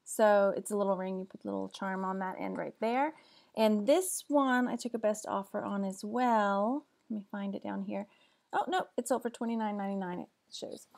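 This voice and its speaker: A woman's voice: mid-range voice, normal speed, vocal fry, darkish tone. Chatty Texas woman going over resale sales. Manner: chatty, matter-of-fact, running through prices. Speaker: online reseller. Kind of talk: casual sales update vlog.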